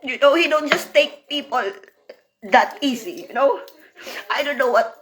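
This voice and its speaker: High-voiced woman venting emotionally. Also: expressive, normal speed, fairly bright tone. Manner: emotional, repeats herself, frequent "you know". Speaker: former apprentice. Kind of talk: emotional personal vlog monologue.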